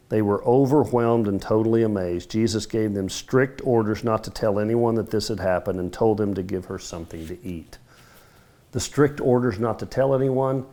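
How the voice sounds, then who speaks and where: A middle-aged man teaching a Bible study, telling the story vividly and acting out the dialogue, his voice swinging between loud and hushed. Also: fairly low pitch. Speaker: men's ministry Bible teacher.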